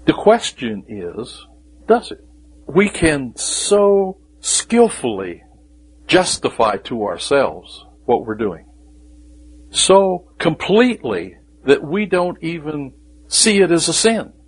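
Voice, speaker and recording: A man preaching a sermon, with dramatic pauses and emphatic rising questions, sometimes dropping to a whisper. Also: on the high side, big pitch swings, breathy edge, low-quality recording.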